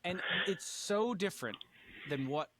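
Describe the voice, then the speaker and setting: A slightly drunk man co-hosting a podcast, chatting casually with halting restarts and swearing. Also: high-pitched, expressive, background noise. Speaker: podcast co-host. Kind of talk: casual chat.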